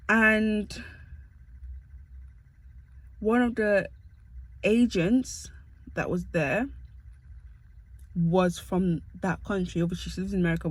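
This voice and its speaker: A woman's voice: lowish voice, takes it slowly, pauses often, breathy edge, dry recording, poor audio. A young woman from the UK telling stories to camera in a chatty, self-mocking way. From United Kingdom. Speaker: vlogger. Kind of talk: casual storytelling to camera.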